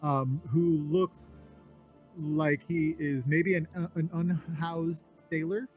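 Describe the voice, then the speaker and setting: Man game master, narrating, halting, filler-heavy, slightly higher voice. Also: flat delivery, a little mellow, faint music behind.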